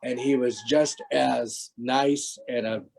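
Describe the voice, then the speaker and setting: A man's voice: medium pitch, steady tone, slow pace, creaky, a little mellow, slight background noise, poor audio. A man in his sixties, a former stunt performer, telling rambling stories with many restarts on a video call. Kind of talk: casual interview anecdotes.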